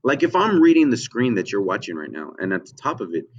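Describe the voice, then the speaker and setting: Low-pitched male teacher talking kids through a lesson, lots of ums and "okay?", muffled lo-fi sound. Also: sing-song, quick pace, breathy edge. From United States. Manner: checks in with frequent "okay?" and "right?", many ums. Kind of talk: lesson for children. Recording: dull lo-fi audio.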